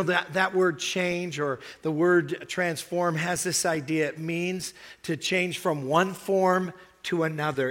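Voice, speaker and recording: A man's voice: fairly high pitch, a bit bright, in a large hall. A man preaching a sermon to a congregation, telling a story and then urging the listeners on with rising emphasis. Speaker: pastor. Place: church hall.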